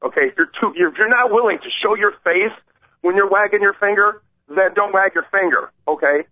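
Excited man on a tinny phone line. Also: high voice, a little fast, dry recording. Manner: excited, acts out quoted voices, rambling. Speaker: radio show regular telling a story. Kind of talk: animated storytelling on a radio show.

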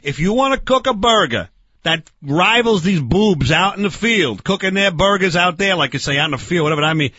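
A man's voice: sits high, expressive, fairly quick, pushed and bright, husky, no room sound, highs cut off, heavily acted. A man putting on a blustering barbecue know-it-all. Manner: bossy, blustering, keeps interrupting, mangles words. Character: brash loudmouth male grill-master "Barbecue Man".

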